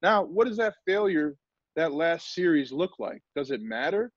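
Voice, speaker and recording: A former pro football player speaking energetically and emphatically in a motivational talk over a video call. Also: male voice, fairly high pitch, normal speed, dry recording. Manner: energetic, emphatic, acts out quotes. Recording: dull lo-fi video call audio.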